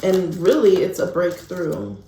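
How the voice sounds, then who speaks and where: A woman's voice: lowish voice, big pitch swings, a little slow, mellow, slight background noise. Chatty woman tarot reader, echoey room. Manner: chatty, frequent "like", calls listeners honey. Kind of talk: casual pick-a-card tarot reading.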